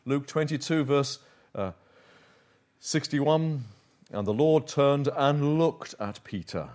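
Man preaching with soft and rising emphasis. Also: lively intonation, slow pace. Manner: shifts between soft, low asides and emphatic, raised points. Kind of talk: sermon.

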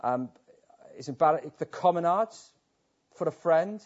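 A man preaches with earnest conviction, his voice sitting a little high for a man and rising into impassioned stretches. The recording is dull and lo-fi. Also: animated, unhurried. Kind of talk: sermon. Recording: dull lo-fi sound.

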